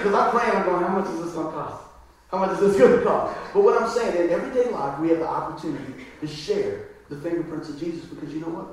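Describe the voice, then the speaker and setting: Man, pastor, high voice, church sermon, very echoey hall, far from the mic. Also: a little hiss or hum. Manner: conversational, keeps asking the crowd "right?".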